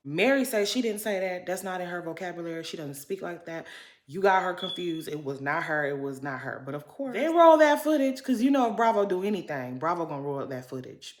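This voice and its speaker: Sassy animated woman recapping reality TV. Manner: sassy, animated, swings between loud outbursts and low asides. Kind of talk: casual recap commentary.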